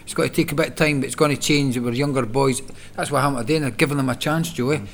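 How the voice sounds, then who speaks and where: A Scottish man co-hosting a football chat, with a voice of middle pitch. He talks at a fast clip and delivers his views in a matter-of-fact, teasing way. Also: steady tone, a bit bright, a little hiss or hum. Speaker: pundit co-host. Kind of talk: casual chat.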